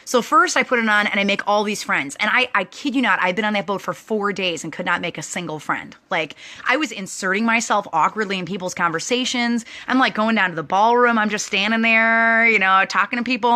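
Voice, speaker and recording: A woman host telling a lively personal story to her online audience, bubbly and chatty with lots of likes and restarts. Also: mid-range voice, brisk, hardly any pauses.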